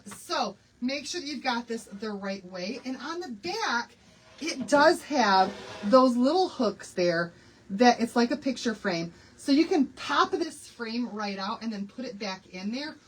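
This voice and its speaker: A woman's voice: on the high side, lively intonation, unhurried, a little hiss or hum, low-quality recording. A woman in her sixties hosting a live craft stream, chatty and bubbly, laughing often and greeting viewers by name. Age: 60s. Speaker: craft livestream host.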